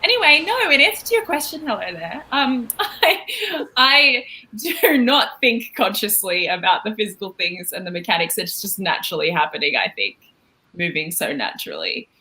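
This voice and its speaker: A playful woman answers questions on a live panel, her bright voice swooping up and down as she jokes. A faint noise sits behind her. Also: medium pitch, big pitch swings. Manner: playful, joking, quick to laugh. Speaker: panel guest. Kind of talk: casual panel chat.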